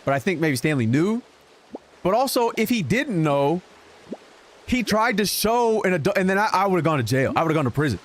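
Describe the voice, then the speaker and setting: Animated young man telling a story. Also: high voice, normal speed. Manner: animated storyteller, trails off and restarts. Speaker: streamer. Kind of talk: casual storytelling while gaming. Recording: music playing in the background.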